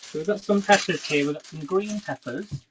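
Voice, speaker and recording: A man's voice: fairly high pitch, normal speed, noisy background. A man in his thirties hosting a casual cooking livestream from his home kitchen, chatting with viewers as he works. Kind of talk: casual live cooking chat. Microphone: phone livestream. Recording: kitchen clatter and clicks behind.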